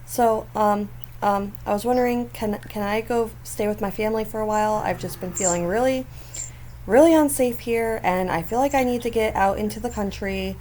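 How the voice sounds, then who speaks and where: A woman voicing a nervous young noblewoman in a life-sim game, speaking haltingly. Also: medium pitch, a little mellow, a little hiss or hum, lightly acted. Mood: anxious. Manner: hesitant, halting. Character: nervous young noblewoman wanting to leave court.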